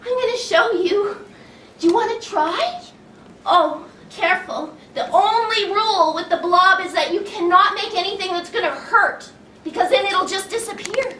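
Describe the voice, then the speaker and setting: A woman giving an animated talk to an audience, playful and exaggerated, gasping and laughing as she acts out feelings. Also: extremely high pitch, normal speed, far from the mic, slight background noise. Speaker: children's educator giving a talk. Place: large room with an audience. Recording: echoey room recorded from afar, faint ambience.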